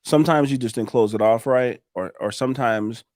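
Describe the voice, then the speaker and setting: A man guesting on a podcast, talking in a lively coaching way with frequent restarts and laughs. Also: mid-range voice, fairly quick, dry recording, clean studio sound. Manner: animated, coaching tone, laughs often, restarts sentences. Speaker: podcast guest, roofing business owner. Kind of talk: casual podcast chat.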